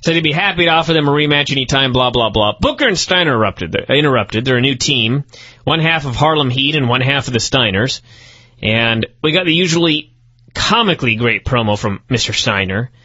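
A man's voice: mid-range voice, animated, brisk, pushed and bright, dry recording, lo-fi sound. A man co-hosting a wrestling review podcast, sarcastic and profane, working himself up into incredulous rants. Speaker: podcast co-host. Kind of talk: casual wrestling review chat.

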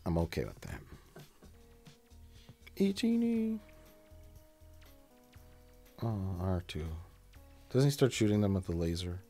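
Lively, sarcastic man doing movie commentary. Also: sits low, moderate pace, long pauses, soft background music. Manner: sarcastic, jokey, reacts loudly to the screen. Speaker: film commentary host.

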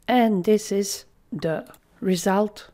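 A woman giving a screen-recorded software tutorial, thinking aloud as she works and dropping into half-whispered asides. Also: mid-range voice, slow. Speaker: software trainer.

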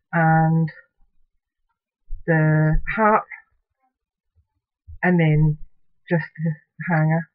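A woman talks through her craft project in a relaxed, homely way, taking her time over each detail. The sound is dry and close, with a dull, lo-fi quality. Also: on the low side, no room sound. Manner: chatty and homely, describing her work as she shows it. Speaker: craft tutorial host. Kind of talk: casual craft demonstration.

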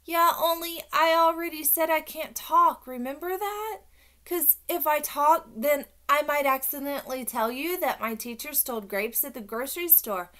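A woman voicing a loud, excitable kindergarten girl in an audiobook, high and shouty. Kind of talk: audiobook character voice.

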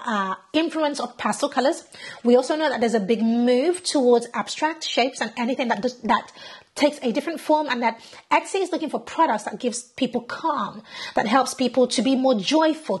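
A British woman from the UK, an online business coach chatting animatedly through a screen-share tutorial and often checking in with "right?". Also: high-pitched.

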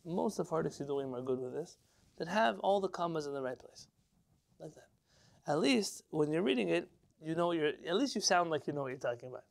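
A man teaching an informal religious class as a rabbi, lively and rhetorical, putting questions to his listeners. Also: a little high, a little fast, creaky. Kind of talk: informal Torah lesson to a live class.

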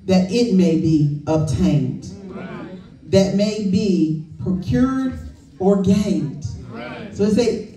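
A woman's voice: medium pitch, dark tone. An older woman minister preaching a sermon, emotional, leading the congregation in call and response. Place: church sanctuary. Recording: echoey church hall from far off.

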